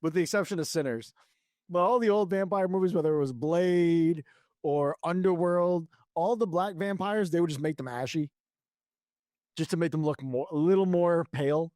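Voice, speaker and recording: High-pitched, rambling podcast co-host man. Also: normal speed, darkish tone, dry recording, studio quality. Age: 30s. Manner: laughing, rambling with restarts and swearing. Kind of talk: casual chat.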